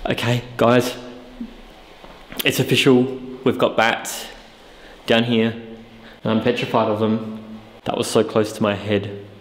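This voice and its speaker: Here a ghost-hunting co-host vlogs from inside a deserted old hospital, talking slowly with long pauses in a medium-pitched voice that barely moves. Chatty yet jumpy, he fills his speech with filler words. The room sounds echoey and reverberant under a faint hiss.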